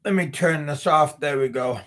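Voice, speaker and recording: A man hosting a casual livestream, reading viewer comments aloud and answering them in a halting way, with frequent repeats and restarts. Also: on the high side, a bit bright. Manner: slow, chuckling, talks back to chat. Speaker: livestream host.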